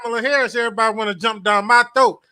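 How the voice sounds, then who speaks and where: A man's voice: extremely high pitch, fairly even intonation, racing, sharp tone, clean tone, no room sound. A man co-hosting a podcast in casual chat, laid-back, ribbing the others. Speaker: podcast co-host.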